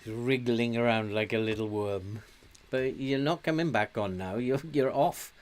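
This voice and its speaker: In mid-range voice and at a moderate pace, a man provides relaxed let's-play commentary as a gaming commentator. He grumbles, pokes fun at himself, and tells off the players on screen.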